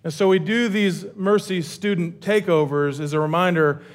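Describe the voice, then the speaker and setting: A high-voiced, lively pastor preaching. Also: male voice, moderate pace. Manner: energetic and joking, with many restarts. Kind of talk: casual, humorous sermon. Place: church stage.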